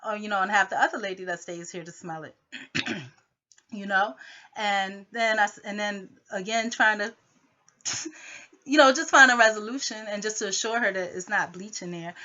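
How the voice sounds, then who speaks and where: A woman's voice: mid-range voice, moderate pace, pauses often, pushed and bright, dull audio. A woman rambling through a personal conflict story, full of filler phrases.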